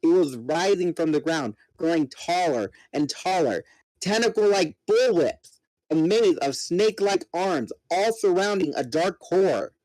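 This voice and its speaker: A man reads a novel aloud in a slow, steady narrating voice, his pitch on the higher side. He is close to the mic and the sound is dry. He voices each character himself. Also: dry recording, poor audio. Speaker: reader. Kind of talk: dramatic book reading.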